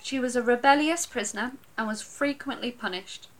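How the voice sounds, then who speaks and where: A woman's voice: fairly high pitch, fairly quick, low-quality recording. A woman co-hosting a podcast, telling a true crime case in a casual chatty way. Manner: storytelling, reads out dates and facts. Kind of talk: casual chat, reading a case.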